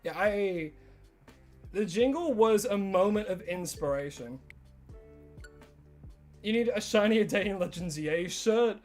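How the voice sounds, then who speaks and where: High-voiced young Australian man. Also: unhurried, long pauses. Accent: Australian with some American influence. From Tasmania, Australia. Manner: chatty, answers chat, self-mocking. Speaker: streamer. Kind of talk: casual live-stream chat. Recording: faint music behind.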